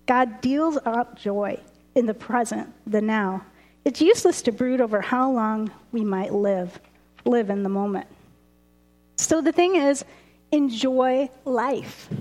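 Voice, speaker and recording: A woman preaching a lively, chatty sermon, laughing often. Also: a little high. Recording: roomy hall reverb.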